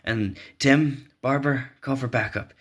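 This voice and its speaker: A man's voice: mid-range voice, measured pace, pitched above the performer's own voice, natural voice. A man voicing a stern, middle-aged male hero leader with a curt, commanding delivery.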